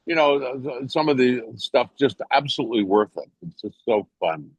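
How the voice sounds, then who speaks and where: An older man from England, an actor guest on an interview show, telling a story in a lively, animated way. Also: moderate pace, no room sound, dull audio. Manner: animated storyteller, jumps to high voices when quoting others. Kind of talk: casual anecdote telling.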